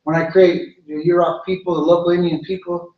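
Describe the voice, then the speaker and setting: A man voicing the creator spirit, a stern judge who speaks in a measured way. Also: high-pitched, level tone, close to an everyday voice. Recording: echoey room, far mic, dull.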